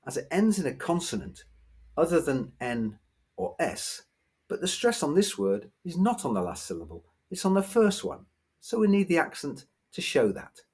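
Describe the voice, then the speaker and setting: A man teaching a grammar lesson, patiently explaining rules and slowly repeating example words. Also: fairly high pitch, darkish tone, breathy edge.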